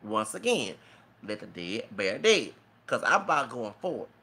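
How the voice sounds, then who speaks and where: A man's voice: lowish voice, big pitch swings, normal speed, gravelly, sharp tone, slightly rough. A man giving an emotional, preachy, rambling rant as a vlogger. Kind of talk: impassioned rant to camera.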